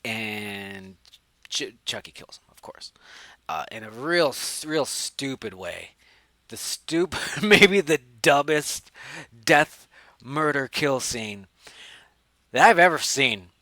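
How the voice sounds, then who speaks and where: A man hosting a podcast, reviewing a movie in a rambling, profane, animated way into a studio mic. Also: medium pitch, slow, no room sound. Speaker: podcast host. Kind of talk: casual movie review chat.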